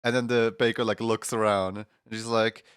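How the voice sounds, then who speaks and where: A man's voice: on the low side, level tone, normal speed, a bit bright, clear, resonant tone, no echo, clean studio sound. A man streaming live, casually retelling funny skits with lots of fillers and chuckles. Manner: rambling, chuckling storyteller with many fillers.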